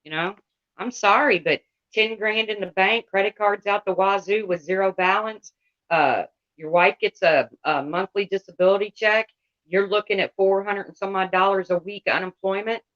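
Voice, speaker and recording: A woman's voice: medium pitch, moderate pace, fairly bright tone. A woman livestreamer rants to her chat in a blunt, heated voice and swears freely. The sound is dull and lo-fi.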